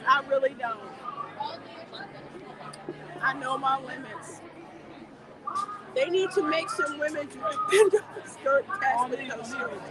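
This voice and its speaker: Chatty high-voiced woman in a crowd. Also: wildly swooping pitch, slow pace, pauses often. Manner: chatty, laughing, talks back to viewer comments. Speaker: livestream host. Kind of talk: casual livestream chat while walking a theme park queue. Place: outdoor theme park queue with crowds. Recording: busy crowd noise outdoors.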